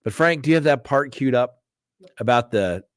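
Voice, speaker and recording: A man who hosts a live stream and, as a former defense lawyer, tells animated anecdotes, acting out what people said. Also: medium pitch, moderate pace, no room sound, studio quality. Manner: animated, anecdotal, acts out quotes. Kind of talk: casual live-stream storytelling.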